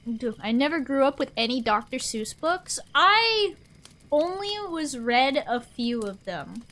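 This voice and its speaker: A woman's voice: high-pitched, sing-song, measured pace, fairly bright tone. A young woman streamer chatting casually with her live audience, rambling and answering chat aloud.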